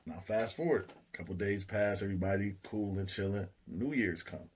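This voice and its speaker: A man telling a story in a laid-back, slangy way with quiet asides. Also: fairly low pitch, moderate pace, slight background noise. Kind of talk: casual storytelling.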